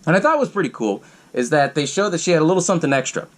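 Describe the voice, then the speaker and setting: A man hosting a podcast, casually recapping a film in a profane, animated way and acting out the characters' lines. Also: on the high side, very fast. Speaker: podcast host.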